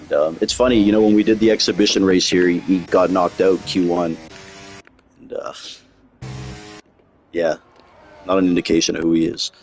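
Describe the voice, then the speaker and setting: A man's voice: sits low, steady tone, normal speed, long pauses, soft background music. A man leading commentary on an online racing league, chatting with his co-commentator and joking about driver nicknames. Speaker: lead commentator.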